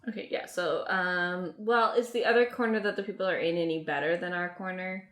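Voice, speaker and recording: Giggly woman rambling through her turn, lowish voice, echoey room. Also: steady tone, brisk. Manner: chatty, giggly, full of likes and ums. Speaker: player. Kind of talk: casual tabletop play. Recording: roomy echo.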